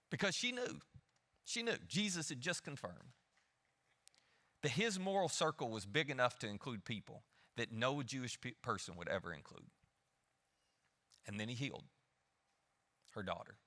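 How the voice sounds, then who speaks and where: A man preaching a sermon, lively, acting out the people he quotes. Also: on the high side. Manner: animated, acts out the people he quotes. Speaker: pastor. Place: church hall. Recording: long hall reverb.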